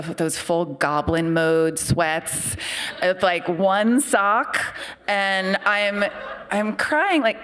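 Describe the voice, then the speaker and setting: A woman's voice: fairly low pitch, fairly bright tone. A middle-aged woman, a psychiatrist, telling a personal story live on stage in a candid, self-deprecating, conversational way. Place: theater stage before a live audience.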